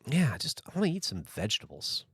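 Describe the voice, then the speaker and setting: A man's voice: medium pitch, huge pitch swings, quick pace, a bit bright, husky, no room sound. A man from the American South with no regional accent left, hosting a livestream and chatting casually, rambling and swearing freely as he answers viewer comments. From Southern United States. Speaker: livestream host.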